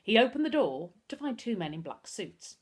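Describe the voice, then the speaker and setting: Expressive woman reading a children's book. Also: medium pitch, moderate pace. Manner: expressive storytelling. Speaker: teacher reading aloud.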